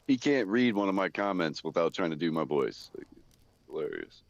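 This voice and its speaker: Deep gravelly man on dull voice chat. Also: sing-song, moderate pace, dry recording. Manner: laughs often, easygoing. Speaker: co-player on stream. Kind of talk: casual voice chat.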